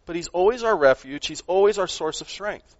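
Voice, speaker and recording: A man's voice: high voice, animated, brisk, no room sound. Earnest preaching man, dull dry sound. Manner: earnest, swings between loud emphasis and quiet asides, repeats words. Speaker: pastor. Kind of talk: sermon.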